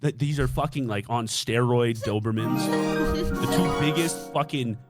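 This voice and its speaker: A man's voice: medium pitch, normal speed, loud music behind the voice. A young man casually telling a dating story on a stream, swearing freely and acting out his own reactions.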